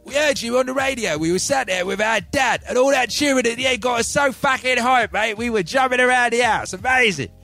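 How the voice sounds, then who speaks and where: A man putting on the voice of a hyped young male band member, talking excitedly. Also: extremely high pitch, a little fast, creaky, hardly any pauses, faint music behind, pitched above the performer's own voice, exaggerated voice. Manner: excited, shouting.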